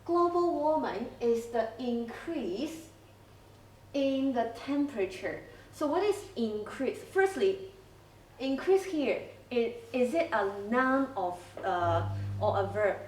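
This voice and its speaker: A woman teaching an English class, explaining slowly and checking in with frequent okays. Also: fairly high pitch, expressive, darkish tone, slight background noise. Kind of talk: classroom lesson recording. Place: school classroom. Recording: roomy classroom, from a distance.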